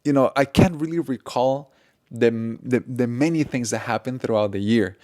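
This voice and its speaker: A man's voice: medium pitch, moderate pace, darkish tone, dry recording. Earnest man in dry close mic. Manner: earnest, repeats himself, laughs easily. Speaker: podcast co-host. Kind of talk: casual podcast conversation.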